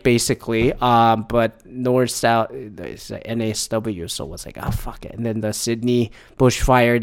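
A man's voice: mid-range voice, a bit bright. A man hosting a casual solo podcast, rambling and swearing often, with frequent restarts, into a podcast mic. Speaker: podcast host. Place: home recording in Michigan. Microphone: podcast microphone.

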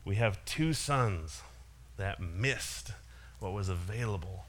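A man's voice: on the low side, expressive, takes it slowly, a bit bright. A man giving a casual sermon, retelling a parable with frequent small laughs and restarts. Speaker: preacher.

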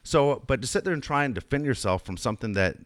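A man's voice: medium pitch, expressive, fast, dry recording, clean studio sound. A middle-aged man telling a long coaching story in casual chat, rambling with many restarts. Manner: rambling anecdotes with frequent restarts. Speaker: youth baseball coach.

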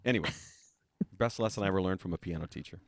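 A man co-hosting a podcast, telling a story in casual chat with quick asides. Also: low voice, dry recording. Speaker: co-host.

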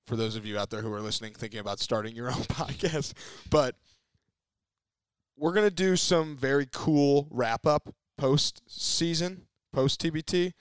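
Energetic talkative podcast host. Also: male voice, medium pitch, moderate pace, clean tone, dry recording, studio quality. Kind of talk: casual podcast chat.

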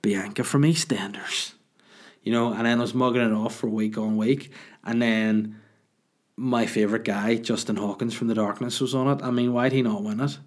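A man's voice: mid-range voice, steady tone, moderate pace. A man hosting a podcast, rambling and joking as he answers listener questions. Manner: rambling, jokey, sweary. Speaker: podcast host.

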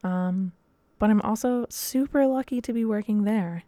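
A woman's voice: medium pitch, moderate pace, mellow, no room sound. A young woman hosting a casual solo podcast, talking in a rambling, chatty way with lots of fillers. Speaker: podcast host and dance teacher.

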